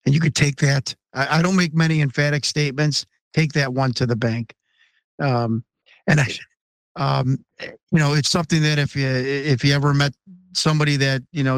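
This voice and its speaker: A man's voice: mid-range voice, little pitch movement, moderate pace, clean tone, no room sound. An American man in his fifties from Chicago, a podcast guest speaking in an earnest, emphatic way with insistent questions. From Chicago, USA. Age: 50s. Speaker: interview guest. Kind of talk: podcast interview.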